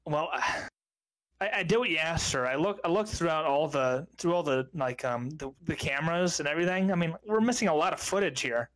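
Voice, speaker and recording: A man's voice: fairly high pitch, a little fast, a bit bright, lightly acted. A man voicing a nervous security contractor who stammers and pleads, in a tabletop game.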